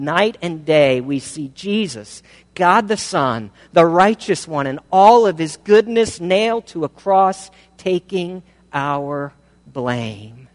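Male preacher, fairly high voice, emphatic, stacks repeated phrases; long reverb. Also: darkish tone. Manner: emphatic, builds through rhetorical questions and repeated phrases. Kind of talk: sermon.

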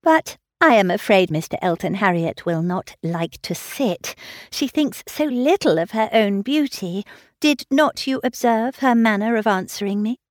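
A woman voicing a lively, self-assured young lady, bright and animated in tone. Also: medium pitch, unhurried, no echo, clean studio sound, natural voice. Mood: confiding. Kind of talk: audiobook character reading.

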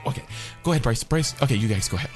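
A man's voice: mid-range voice, animated, rapid-fire, music in the background. A man co-hosting a podcast who hams it up with boastful, attention-seeking comedy. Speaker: podcast co-host. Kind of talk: hammy comic self-promotion.

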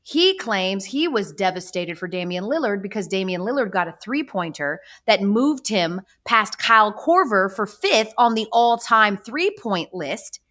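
A woman's voice: medium pitch, measured pace, hardly any pauses. Lady podcast host, 30s, chatty and sarcastic, voice bouncing all over. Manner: animated, chatty storytelling with sarcastic asides. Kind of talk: casual chat.

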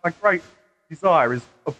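A man's voice: fairly high pitch, lively intonation, moderate pace, fairly bright tone, soft background music. A man from Britain, a guest in a casual radio interview, eager and stumbling over his words. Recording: dull lo-fi radio sound.

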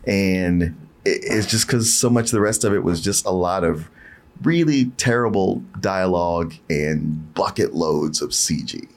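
A man's voice: deep voice, moderate pace. A man chatting casually about a movie he just saw, often laughing and quoting his own reactions. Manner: animated, laughing, quotes himself in asides. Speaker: co-host. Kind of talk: casual movie review chat.

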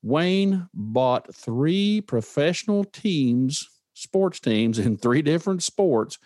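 A man's voice: fairly high pitch, expressive, takes it slowly, a little mellow, no room sound, studio quality. A man hosting a motivational podcast, speaking earnestly, telling stories and putting questions to the listener. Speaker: podcast host. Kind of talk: motivational talk.

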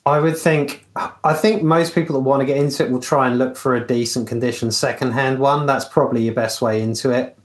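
Man, co-host, halting with ums and restarts, middle pitch, echoey room. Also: fairly even intonation. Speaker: co-host reading chat. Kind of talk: casual hobby chat on a live stream. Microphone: remote call mic. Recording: roomy echo.

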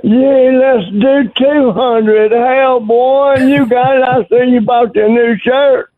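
A man calling in to a radio show, talking loud, boisterous trash and whooping. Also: very high voice, fairly even intonation, takes it slowly, no echo. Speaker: caller. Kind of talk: rowdy trash talk on a call-in radio show. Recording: tinny phone line, dry.

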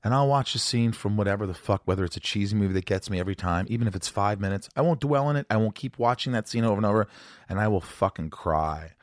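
A man's voice: fairly low pitch, fast, dry recording, clean studio sound. Blunt, emotionally open male host. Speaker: podcast host. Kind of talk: casual podcast interview.

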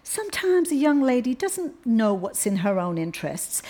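A woman's voice: on the high side, big pitch swings, normal speed, warm tone, pitched above the performer's own voice. A woman reading aloud as a plump, patronising older churchgoing man with a fussy, condescending manner. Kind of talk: audiobook reading.

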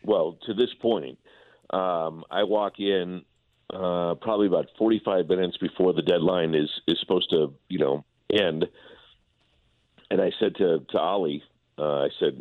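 A man's voice: sits low, moderate pace, no echo. A man, a baseball broadcaster, talking casually about his team, often stumbling and repeating words as he restarts his sentences. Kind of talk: casual sports talk by phone. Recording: tinny phone line.

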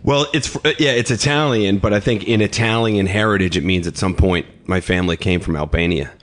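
A man who is a comedian and guest, wry, now and then bursting into shouted bits. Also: fairly low pitch, brisk. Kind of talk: casual chat.

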